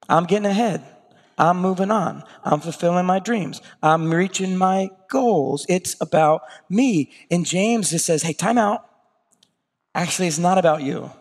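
A man preaching a sermon in a conversational way, slipping into quick acted asides. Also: high-pitched, big-room sound. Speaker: pastor.

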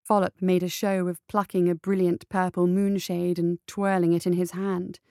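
Low, gravelly woman reading a story. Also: little pitch movement, moderate pace, dark tone, no echo, clean studio sound. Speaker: audiobook narrator. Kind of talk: scripted narration.

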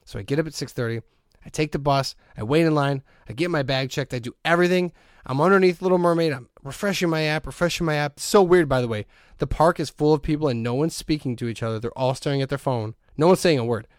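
Man, podcast host, fairly high voice, animated storyteller, casual chat, dry close sound. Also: fast, no echo.

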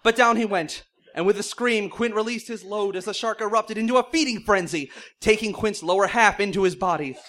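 A man's voice: sits high, brisk, few pauses, fairly bright tone. A man reading silly fan fiction aloud in mock-serious narration, often breaking into laughter. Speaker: comedic reader.

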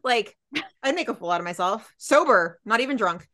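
A young adult woman co-hosting a podcast, recapping a TV episode in casual chat and acting out the characters' lines. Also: mid-range voice. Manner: animated, acts out characters' lines in quick voices. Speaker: podcast co-host.

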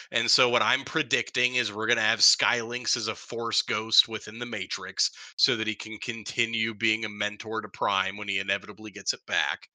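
A man co-hosting a podcast in casual chat, telling stories with animated, playful energy. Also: on the low side, no room sound. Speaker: podcast co-host.

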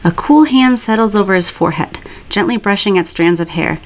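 A woman reading a piece of fan fiction aloud in a calm, even storytelling voice. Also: medium pitch, brisk. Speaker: reader.

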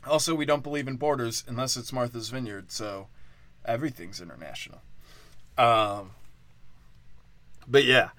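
A man's voice: medium pitch, normal speed, pauses often, sharp tone, dry recording. A man hosting a comedy podcast, ranting in a crude, profane, sarcastic way and drifting off his point. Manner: off-the-cuff, loses his thread. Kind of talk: rambling comedic rant.

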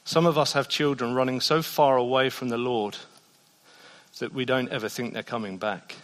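A man's voice: medium pitch, fairly even intonation, moderate pace. Man preaching in a reverberant church. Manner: emphatic preaching that swings from hushed to loud. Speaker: pastor. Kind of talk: sermon. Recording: long reverb of a church hall.

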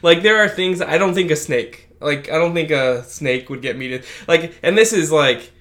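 His pitch fairly high and his tone a bit bright, a man co-hosting a casual podcast chats at normal speed. He tells rambling stories, constantly restarting and leaning on fillers.

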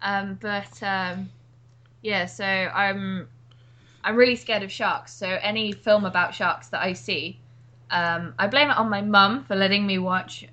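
A woman's voice: mid-range voice, measured pace, bright, forceful tone, highs cut off. A woman co-hosting a casual chat, telling stories with frequent "like" and "um". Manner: chatty storyteller, fillers like "like" and "um".

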